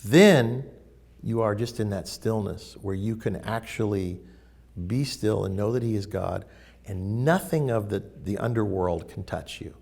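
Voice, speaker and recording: A man teaching in a casual spiritual talk, emphatic and animated as he tells stories. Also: fairly low pitch, unhurried, vocal fry.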